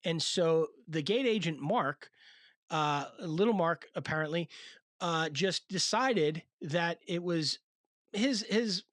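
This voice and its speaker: A man's voice: a little high, expressive, slow, a bit bright, dry recording, studio quality. A male host giving casual, slangy commentary in a chatty, hyped-up manner.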